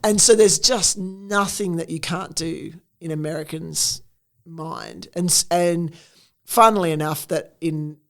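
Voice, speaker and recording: A woman in her forties with an Australian accent, telling stories in a casual interview, animated and full of acted-out quotes. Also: lowish voice, a little slow, gravelly. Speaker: interview guest, entrepreneur.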